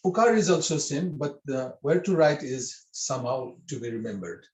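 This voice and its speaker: A man's voice: mid-range voice, lively intonation, normal speed, darkish tone, echoey room, low-quality recording. A man teaching a script class online, patiently spelling out syllables with hesitant fillers.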